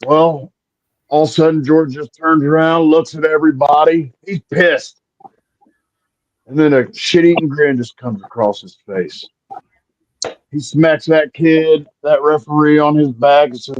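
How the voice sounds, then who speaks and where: A man in his forties, a wrestling guest telling stories in a lively, casual way, acting out the people he quotes, heard on a remote stream call. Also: on the high side, measured pace, no echo. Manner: lively raconteur, acts out quoted voices. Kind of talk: casual storytelling. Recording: slightly muffled lo-fi audio.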